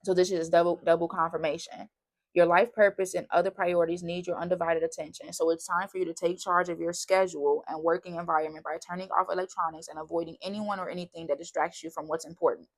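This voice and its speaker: A woman's voice: fairly low pitch, little pitch movement, quick pace. A woman giving a casual tarot reading, chatty and bubbly, wandering off on tangents. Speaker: tarot reader.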